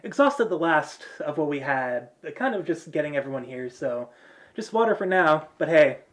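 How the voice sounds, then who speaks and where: A man voicing a brash, rowdy young blonde woman warrior in a tabletop game, talking loud and jokey. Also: fairly high pitch, sing-song, moderate pace. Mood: chipper.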